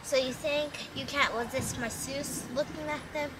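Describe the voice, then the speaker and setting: A woman's voice: sits high, steady tone, normal speed, very noisy, lightly acted. A young woman acting as a shy new girl who defends her worn shoes, hesitant and defensive. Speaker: actor in a family skit. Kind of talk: improvised home video skit. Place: outdoor playground.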